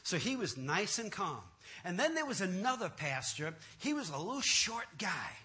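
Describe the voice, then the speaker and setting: Bright, animated man telling a funny testimony. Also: high-pitched, moderate pace. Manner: animated, self-mocking storyteller who laughs at himself. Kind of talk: comic personal testimony.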